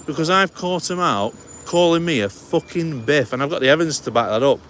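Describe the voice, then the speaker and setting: A man confronts officers while he films them outdoors near a station on a handheld phone. His voice sits fairly high, and he argues in a repetitive, indignant way. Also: animated, a little fast, fairly bright tone, a little hiss or hum, rough recording. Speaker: street filmer live-streaming police. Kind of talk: confrontational street filming. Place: outdoors on a town street by a railway station.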